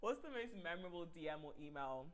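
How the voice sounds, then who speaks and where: Woman, podcast host, playful, teasing, animated pitch. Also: quick pace. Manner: playful, teasing, laughs often. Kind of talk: casual chat.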